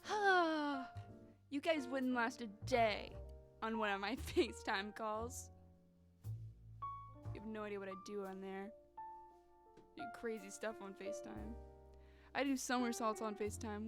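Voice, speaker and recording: A woman's voice: a little high, measured pace, pauses often. Chatty young woman streamer. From North Carolina. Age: young adult. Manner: chatty, animated, sassy rants. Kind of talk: casual live-stream chat. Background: music.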